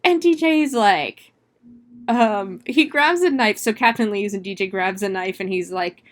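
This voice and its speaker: A woman hosting a podcast, recapping a movie in casual, profane chat full of "like" and quick exclamations. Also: medium pitch. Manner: chatty, profane retelling with frequent "like"; laughs and exclaims often. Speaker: podcast host.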